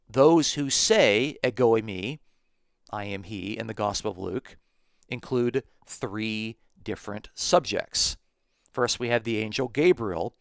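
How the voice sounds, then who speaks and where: A man hosting a podcast, reading Bible verses aloud and explaining them in a measured way, slowing down to stress key phrases. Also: medium pitch, clear, resonant tone, dry recording, clean studio sound. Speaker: podcast host teaching on scripture.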